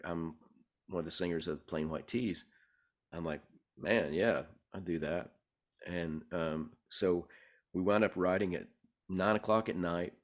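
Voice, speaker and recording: A man, a songwriter guest, telling stories in a relaxed, rambling way, with many fillers and restarts. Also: deep voice. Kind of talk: conversational interview storytelling.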